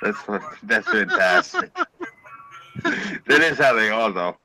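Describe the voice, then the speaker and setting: A man on a casual podcast, telling a family story in a profane, animated way. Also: on the low side, slow pace, over music, rough recording.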